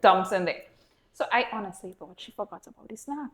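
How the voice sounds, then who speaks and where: A woman's voice: mid-range voice, lively intonation, a little fast. A woman co-hosting a parenting podcast, chatting and telling funny family anecdotes. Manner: chatty, anecdotal, laughs easily. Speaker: podcast co-host. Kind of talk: casual podcast conversation. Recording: roomy echo.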